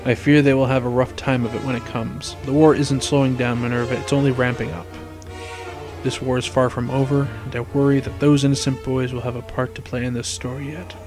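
Guy doing a quiet solemn old headmaster, gentle and wise, kinda hushed. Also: medium pitch, little pitch movement, music in the background, close to an everyday voice. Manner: soft, measured and solemn.

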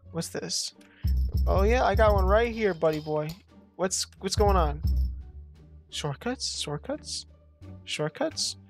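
Foul-mouthed, jumpy horror-game commentator. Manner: profane, rambling, talks back to the game; sudden loud outbursts and jumps in pitch. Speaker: gameplay commentator. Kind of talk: let's play commentary.

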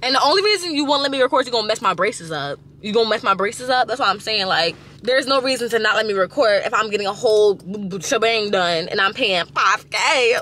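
Chatting casually to a compact camera held close, a vlogger in her twenties is outspoken and blunt, using lots of slang. Her mid-range voice is bright, forceful and animated, running a little fast with hardly any pauses.

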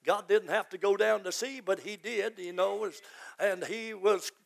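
A man, a pastor, preaching a fervent sermon that rises to shouts. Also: high-pitched, measured pace, vocal fry.

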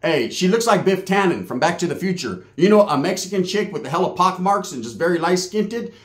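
A man's voice: high voice, lively intonation, brisk. A man telling a slangy, profane comedic story, full of punchy asides. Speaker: comic storyteller. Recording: roomy echo.

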